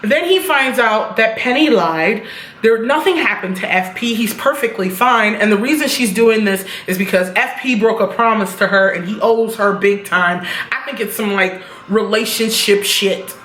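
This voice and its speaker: A woman's voice: medium pitch, moderate pace, a bit bright, echoey room. A woman giving a casual, blunt recap of a TV episode, swearing freely as she talks. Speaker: TV episode reviewer.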